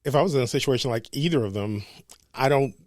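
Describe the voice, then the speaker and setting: A man co-hosting a casual podcast who talks quickly and acts out little quotes. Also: medium pitch, darkish tone, dry recording, clean studio sound. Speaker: podcast co-host. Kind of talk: casual chat.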